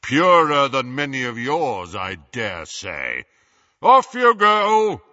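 A commanding young wizard barking urgent orders, as a man plays him. His voice is bright and lively with a raspy grain. The recording is dull and dry, a close audiobook read. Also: mid-range voice, slow pace, no room sound, full character voice. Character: young wizard posing as an imposing official.

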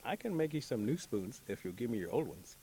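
A man's voice: mid-range voice, sing-song, a little fast, dark tone, a little hiss or hum, natural voice, low-quality recording. A man doing a curious trickster rabbit.

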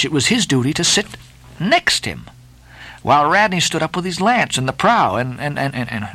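A man's voice: medium pitch, breathy edge, poor audio. A man giving a dramatic, theatrical reading of a classic novel as an audiobook narrator. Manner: expressive, theatrical storytelling.

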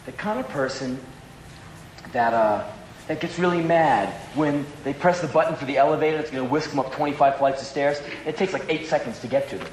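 A man with a slightly high voice delivers a rambling, profane stand-up monologue. His delivery is animated and loose, and the live venue around him sounds echoey. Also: brisk, slight background noise. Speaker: stand-up comedian.

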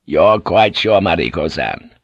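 A man's voice: deep voice, animated, no room sound, dull audio, pitched below the performer's own voice, full character voice. A man playing a shrewd, weary old warlord. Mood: calculating, intimate. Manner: measured, calculating and quietly commanding.

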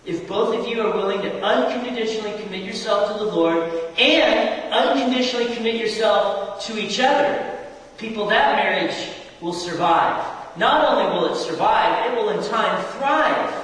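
A man preaches to his congregation in a church hall, putting questions to them directly. His voice is high-pitched and a bit bright, at a moderate pace, captured from afar in an echoey room.

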